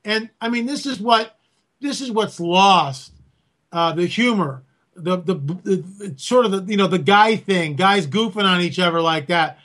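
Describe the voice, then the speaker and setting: A man talking as an interview guest, an animated storyteller who acts out quotes. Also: sits high, a little slow. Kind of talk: casual interview talk.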